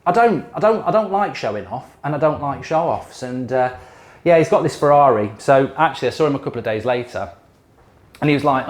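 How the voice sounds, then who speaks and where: A man's voice: mid-range voice, expressive, brisk. Bloke ranting in his kitchen, filming himself cooking, annoyed and sweary, middle-aged, mid-range voice. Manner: exasperated, swears mildly, mocks others in impressions. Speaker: YouTube host cooking on camera. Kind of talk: casual ranting storytelling while cooking. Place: home kitchen. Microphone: handheld camera.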